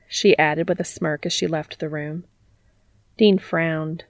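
A woman reading fan fiction aloud as the narrator, in an even, measured, intimate way. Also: deep voice, no room sound.

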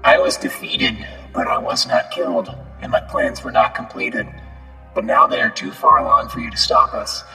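A man's voice: extremely high pitch, wildly swooping pitch, moderate pace, bright, forceful tone, soft background music, pitched above the performer's own voice, heavily acted. A man voicing a cold, scheming ancient male voice that speaks from a machine, with an unfeeling, menacing, contemptuous delivery in a tabletop game. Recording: echoey, reverberant, distant.

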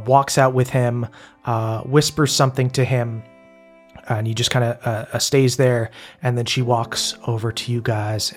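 Casual male game master narrating. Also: medium pitch. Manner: casual, filler-heavy narration.

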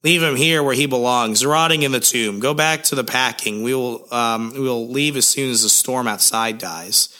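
A man's voice: medium pitch, normal speed, hardly any pauses, pushed and bright, natural voice. A man voicing a callous, dismissive young woman in a lightly raised voice.

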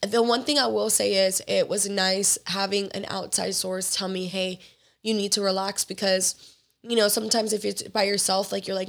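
A young woman hosting her own podcast, hoarse from illness, talking candidly and rambling in casual solo chat. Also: medium pitch, level tone, moderate pace, a bit bright. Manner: candid, rambling, quotes others in conversation. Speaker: podcast host; fitness trainer and athlete.

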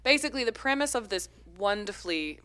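Bright-voiced playful woman host. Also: medium pitch, animated, fast talker, clear, resonant tone. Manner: playful, teasing, laughs often. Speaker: podcast host. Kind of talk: casual chat.

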